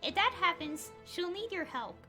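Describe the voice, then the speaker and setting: A woman's voice: extremely high pitch, sing-song, normal speed, sharp tone. A woman streaming a game, reading its dialogue aloud with chatty, giggly asides. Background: game music.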